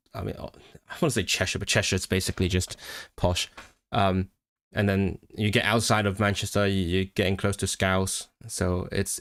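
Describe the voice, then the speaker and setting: A man, a Cantonese speaker, chatting casually on a livestream, talking in bursts with many restarts. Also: fairly low pitch. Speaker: language streamer.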